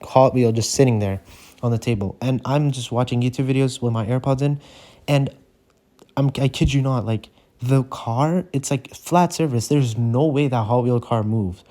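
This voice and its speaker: Male gamer storyteller, rambling casual delivery full of fillers, mellow voice, mid pitch. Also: moderate pace. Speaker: gaming channel storyteller. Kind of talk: casual storytime over gameplay.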